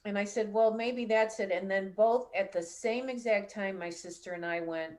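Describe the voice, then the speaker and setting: A woman's voice: mid-range voice, measured pace, hardly any pauses. Chatty middle-aged woman hosting a call-in show. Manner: chatty, animated when retelling dialogue. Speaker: psychic medium host. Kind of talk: live call-in chat, storytelling.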